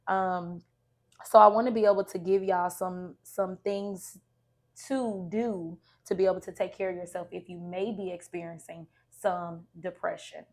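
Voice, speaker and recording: Woman counselor, gravelly voice, encouraging conversational advice. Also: on the low side, fairly even intonation, a little slow, darkish tone. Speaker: licensed counselor guest. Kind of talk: casual podcast advice.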